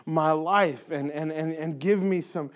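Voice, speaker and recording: A man's voice: fairly high pitch, unhurried. A man who leads in a church, talking earnestly and emphatically in a casual faith conversation, repeating phrases for stress. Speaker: church leader.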